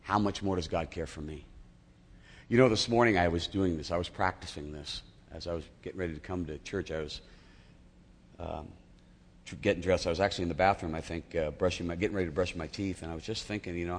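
A man's voice: sits low, a little fast, long reverb tail, slight background noise. A male pastor preaching a sermon in a church, talking in a conversational, humorous storytelling manner.

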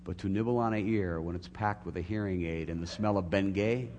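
A man's voice: low-pitched, brisk. A middle-aged man preaching a sermon as a pastor, earnest and building to emphatic peaks. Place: church sanctuary. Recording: long hall reverb, faint hum.

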